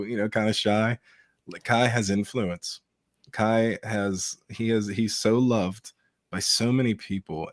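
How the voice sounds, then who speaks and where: A man with a very deep voice speaks as a podcast guest. He is emotional and candid and swears without holding back. The sound is dry with no room echo. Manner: heartfelt and emotional, swears freely. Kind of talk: candid interview talk.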